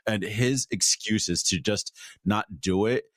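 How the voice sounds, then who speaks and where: Deep-voiced man ranting indignantly. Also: a bit bright, no room sound, clean studio sound. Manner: fast, indignant, swearing. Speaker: listener sending a voice message. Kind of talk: heated rant.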